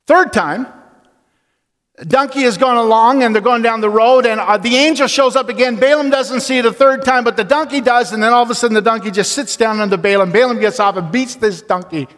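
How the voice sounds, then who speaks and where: A man preaching a sermon, telling a story casually and then slowing down and dropping low to stress his point. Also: fairly bright tone. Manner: storytelling, slows and drops low for emphasis. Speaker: pastor. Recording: long reverb of a large hall.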